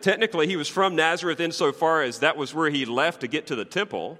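A man's voice: fairly high pitch, animated, fairly quick, few pauses, sharp tone. A man preaching a sermon, voicing scripture quotes with dramatic emphasis. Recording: long hall reverb.

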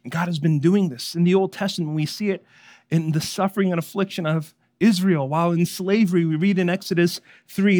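A man preaching a sermon, emphatic and rhythmic, building lists of phrases and swinging from loud, high passages to hushed ones. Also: fairly even intonation, brisk.

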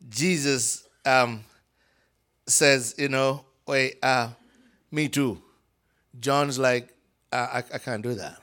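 Animated African preacher, gravelly voice. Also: male voice, mid-range voice. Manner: dramatic storytelling, acts out voices, swings from whisper to shout. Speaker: guest preacher. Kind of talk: animated sermon.

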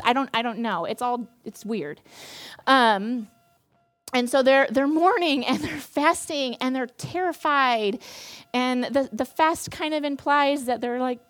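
Young woman campus speaker, casual sermon, playful storyteller with a slightly high pitch. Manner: chatty, playful, acts out quoted characters. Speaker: campus ministry staff speaker.

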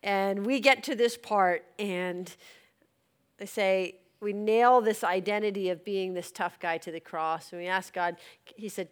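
A woman's voice: medium pitch, steady tone, unhurried, clean tone. A woman teaching in an earnest, conversational way, with light laughs between points. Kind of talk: teaching on deliverance and prayer.

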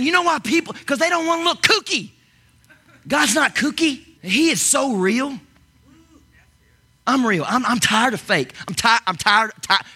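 A man preaching a lively sermon as pastor, talking in bursts with many repeated words and restarts. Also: high voice, slightly rough.

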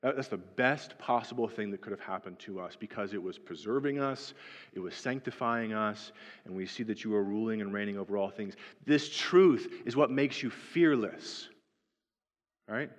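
A man's voice: fairly low pitch, moderate pace. A male pastor preaching a sermon in a conversational way, often checking in with "right?". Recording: dull lo-fi sound with long hall reverb.

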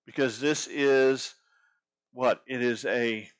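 A man's voice: mid-range voice, steady tone, slow, clear, resonant tone. A middle-aged man preaching a sermon as a pastor, talking conversationally and asking the congregation rhetorical questions.

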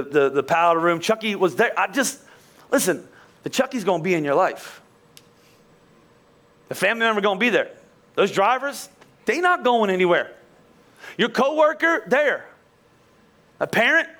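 A man preaching a sermon in an animated, conversational way, acting out quoted voices. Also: high-pitched. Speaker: pastor.

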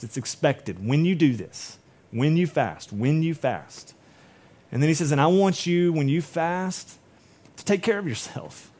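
Man, pastor, sermon, conversational delivery, acts out voices, fairly high pitch. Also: animated, unhurried, darkish tone.

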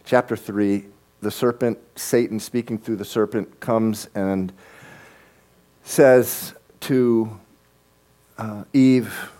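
A middle-aged man preaching a sermon as pastor, earnest and halting, often repeating words as he starts a sentence. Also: lowish voice, steady tone, warm tone.

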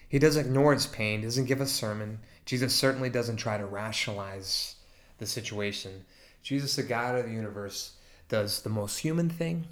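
Pastor, male, low voice; slow, tender memorial eulogy with long pauses.

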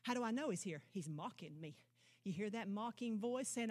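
Preaching briskly at a church service, a woman pastor fires off emphatic declarations and rhetorical questions. She swings from loud proclamations down to low, intense asides.

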